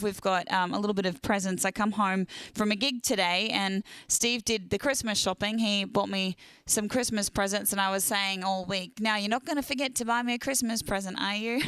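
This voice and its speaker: Young woman host, chatty livestream greeter, smooth and crisp voice, dry close sound. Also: medium pitch, a bit bright, no echo. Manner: chatty, greets viewers by name. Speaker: singer hosting a livestream. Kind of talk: casual livestream chat.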